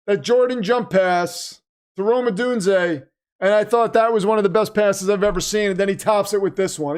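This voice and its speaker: Excitable high-voiced man hosting a game stream. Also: moderate pace. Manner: animated, exclaiming, reads chat aloud. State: losing his voice. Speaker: livestream host. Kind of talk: excited live game watch-party commentary.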